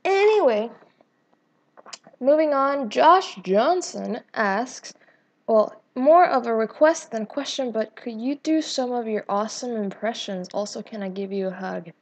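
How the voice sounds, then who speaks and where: A woman's voice: fairly high pitch, unhurried. A woman hosting a casual Q&A vlog on her gaming channel, chatty and rambling with lots of fillers and restarts, self-deprecating and giggly. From Latina, grown up in the US. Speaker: YouTube gaming channel host.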